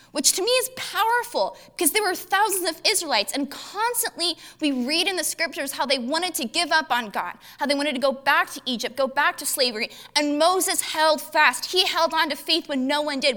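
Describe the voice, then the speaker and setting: A woman preacher teaching a Bible passage in a lively, conversational, humorous way. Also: high-pitched.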